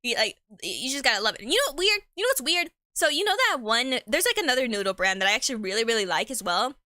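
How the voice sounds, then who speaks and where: A woman's voice: on the high side, lively intonation, fast talker, bright, forceful tone, no room sound, clean studio sound. A young woman streamer chatting casually while eating. She rambles, stumbles over her words, uses a lot of slang, and laughs often, sometimes talking with her mouth full. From Mexican heritage.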